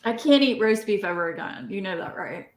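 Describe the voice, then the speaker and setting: A woman's voice: medium pitch, expressive, brisk. A woman hosting a live video chat, blunt and joking, talking casually with her guests. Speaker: host. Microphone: video call. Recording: echoey room with faint background noise.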